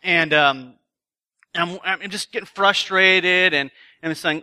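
A man's voice: high voice, unhurried, bright, forceful tone, clear, resonant tone. A man speaking at a retreat, telling self-deprecating stories in a chatty sermon to a live audience. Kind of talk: sermon with a humorous personal story. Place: live talk before an audience.

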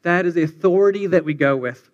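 A man's voice: high-pitched, fast, lo-fi sound. A man preaching a sermon to students, earnest and building on repeated refrains. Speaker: campus preacher.

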